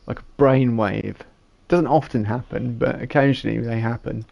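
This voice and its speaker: A man's voice: mid-range voice, steady tone, moderate pace, vocal fry, few pauses, mellow, lo-fi sound. A man, giving casual gameplay commentary and rambling as he thinks aloud while building. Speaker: gamer.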